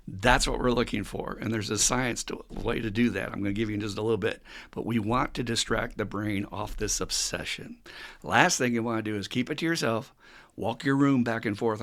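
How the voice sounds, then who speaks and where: Gravelly-voiced man, lively recovery talk. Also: fairly low pitch, a little fast. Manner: animated storytelling with acted quotes and frequent laughs. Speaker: recovery counselor and podcast host. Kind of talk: casual teaching talk.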